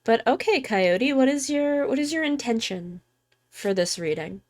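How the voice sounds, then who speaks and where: A woman streamer chatting casually while giving tarot readings, joking about herself and swearing freely, speaking softly and close to the mic. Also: on the high side, animated, unhurried. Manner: soft, quiet near-ASMR voice close to the mic. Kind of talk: casual live-stream chat. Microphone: close microphone.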